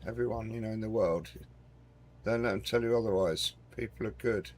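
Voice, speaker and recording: A man's voice: lowish voice, normal speed, darkish tone. A man hosting a flight simulator game video, chatting casually and rambling as he flies, often calling the viewer mate. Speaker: gaming channel host. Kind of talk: casual gameplay commentary.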